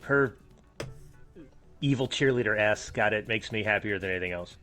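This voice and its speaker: A man's voice: fairly low pitch, normal speed, fairly bright tone, soft background music. A man co-hosting a gaming stream, chatting casually with blunt jokes and casual swearing. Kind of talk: casual live-stream chat while gaming.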